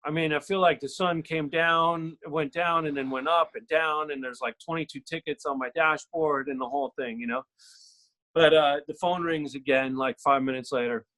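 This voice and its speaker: A man's voice: a little high, steady tone, moderate pace, fairly bright tone. A man on a podcast from home, telling a story in a chatty, casual way, full of fillers. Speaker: podcast guest, soap actor. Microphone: remote call from home.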